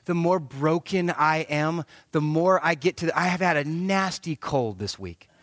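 A middle-aged male pastor preaching a sermon in an animated, joking manner. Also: a little high, normal speed, no room sound, studio quality. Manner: animated, joking preacher who acts out quotes.

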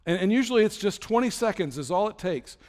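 Guy preaching, kinda high voice, chatty, acts out prayers, big echoey hall. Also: expressive, quick pace, a little mellow. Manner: conversational, acts out prayers and dialogue with God. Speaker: pastor. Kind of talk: sermon.

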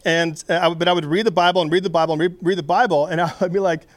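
A man's voice: sits high, steady tone, racing, no room sound. A young man giving a casual, conversational sermon, with many fillers and restarts. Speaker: preacher.

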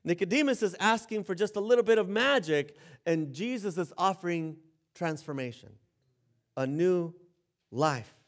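A man's voice: high voice, lively intonation, moderate pace. A man preaching a sermon in a conversational way, joking about himself and often restarting phrases. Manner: conversational, self-deprecating, with laughs and restarts. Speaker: pastor.

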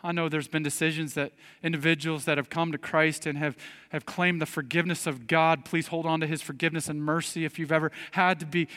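Male pastor, high and bright, emphatic sermon delivery, loud and quiet by turns, long hall reverb. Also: clear, resonant tone. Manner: emphatic, swinging between loud rising appeals and quiet earnest asides.

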